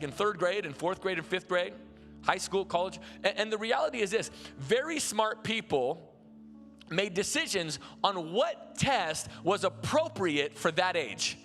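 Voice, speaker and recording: A man preaching in a high, bright voice, chatty and animated, stumbling and restarting as he tells his story. His sermon rings through a big church hall, with soft music underneath. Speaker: pastor. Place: large church auditorium.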